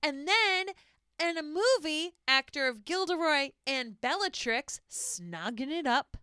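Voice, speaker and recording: A woman's voice: high voice, very animated, a little slow, bright, forceful tone, no room sound, studio quality. A woman co-hosting a podcast in casual chat, laughing often and sharing fun facts. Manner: giggly, shares fun facts. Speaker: podcast co-host.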